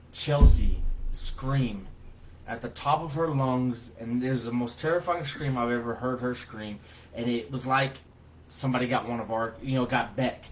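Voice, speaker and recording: Animated storytelling man, slightly high voice. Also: poor audio. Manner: animated, loud when reenacting his own words, colloquial with "y'all". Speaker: vlogger telling a personal story. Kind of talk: casual spoken storytelling.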